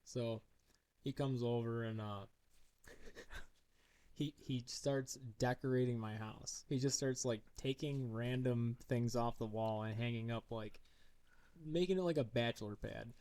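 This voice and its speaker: A man's voice: measured pace, smooth. A man in his thirties telling a story on a casual podcast, acting out the voices of the people in it. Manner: animated storyteller, acts out his daughter in a high voice. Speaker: podcast co-host. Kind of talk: casual chat.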